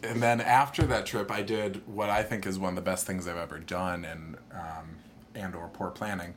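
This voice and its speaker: A young man telling a long personal story in casual chat, animated and jumping into higher voices when he quotes people. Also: moderate pace, a little hiss or hum.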